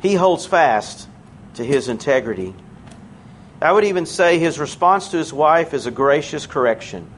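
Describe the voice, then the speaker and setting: A man preaching a sermon in a church, conversational and earnest, slowing down to stress key words. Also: on the high side, animated, a little hiss or hum.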